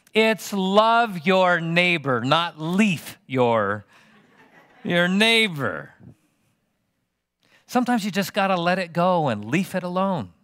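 A middle-aged man preaching a sermon as pastor, animated and teasing the congregation with questions. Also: high-pitched, clean tone, no echo.

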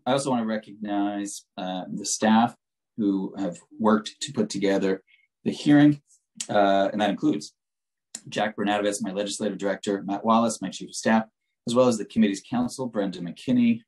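A man chairing a city council hearing over a video call, speaking in a halting way with many fillers and restarts. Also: lowish voice, a little mellow, rough recording. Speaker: committee chair. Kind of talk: remote public hearing remarks.

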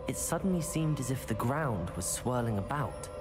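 A man's voice: medium pitch, animated, moderate pace, music in the background, close to an everyday voice. An actor playing a young male wizard student in a video game, earnest, observant and polite. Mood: curious. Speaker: student player character.

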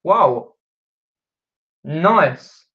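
A British man with a higher-pitched voice, lively intonation and drawn-out words chats casually on a live stream from downstairs in his home, reading viewer comments and rambling with lots of fillers and restarts. It's captured on a camera mic with phone-like quality.

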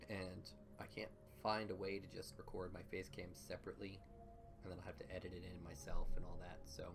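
A man casually commenting on his own gameplay, chatty and getting loud and excited when things go wrong. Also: deep voice. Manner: chatty, gets loud and excited during fights. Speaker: gaming channel host. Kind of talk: let's play commentary. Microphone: desktop mic with face cam. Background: game music.

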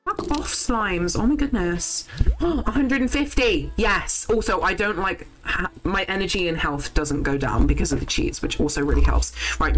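Lively, excitable woman streamer. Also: on the low side, rough recording. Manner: excitable, swears freely, chats to viewers. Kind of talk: casual live game commentary.

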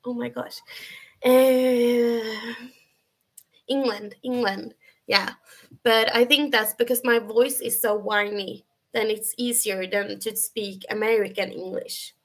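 Slow-talking woman streamer. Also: fairly high pitch, fairly even intonation, a bit bright. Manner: chatty, rambling, heavy use of "like". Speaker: livestream host. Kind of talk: casual livestream chat.

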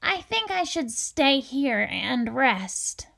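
Personified anger spirit, sly, hushed, woman reading aloud, slow, gravelly edge. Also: sits high, sing-song, full character voice. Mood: soft. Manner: conspiratorial, later soft and whispery. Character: personified Anger, a male spirit friend, hotheaded then tired.

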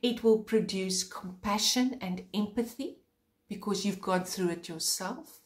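A woman preaching an informal sermon in an earnest way, with many pauses and a voice that turns fervent when she stresses a point. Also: medium pitch. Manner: earnest, pausing often, sharpening into fervent emphasis.

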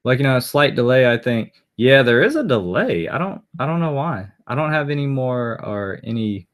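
A man hosting a casual live stream, chatting in a rambling, easygoing way and responding to viewers' messages. His voice sits at an average pitch but rises and falls a lot as he talks. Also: big pitch swings, normal speed. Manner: rambling, answers viewer comments aloud.

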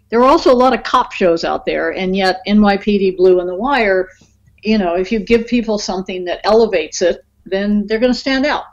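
A woman's voice: medium pitch, dull audio. A woman guest screenwriter talking casually in a podcast interview, chatty, with many fillers and easy laughs. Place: in Los Angeles.

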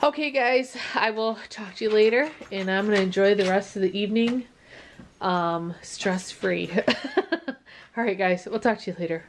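A woman vlogger talks to her viewers in a casual, emotional way, teary with relief. Her voice sits at an ordinary middle pitch, and she pads her talk with fillers and small restarts. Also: normal speed, a little hiss or hum. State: tearing up. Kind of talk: casual vlog update.

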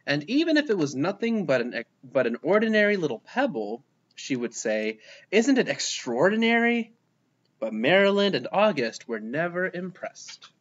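A man reading a children's storybook aloud, his pitch bouncing high and low as he goes. The voice is a little husky, and the home recording sounds dull and lo-fi. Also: normal speed, few pauses. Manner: lively, expressive reading with voiced characters. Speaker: storybook reader. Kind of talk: children's picture book read-aloud.

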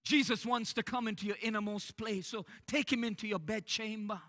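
Pastor guy preaching sunday, really high bright voice, lots of uh's between phrases. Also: steady tone, brisk. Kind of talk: church sermon. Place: church sanctuary during service.

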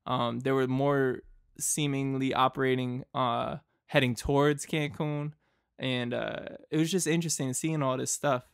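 A man's voice: medium pitch, fairly even intonation, a little slow, gravelly, clear, resonant tone, no room sound, studio quality. A young man from Boston, hosting a podcast and telling a travel story in a loose, rambling way, full of fillers and laughs. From Boston, United States. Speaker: podcast host.

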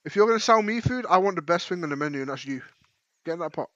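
Give me a young British guy with a high, bright voice, excitable and teasing in casual gaming chat. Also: rapid-fire, no room sound, dull audio. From United Kingdom. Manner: loud, teasing, excitable, slangy. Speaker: VRChat vlogger.

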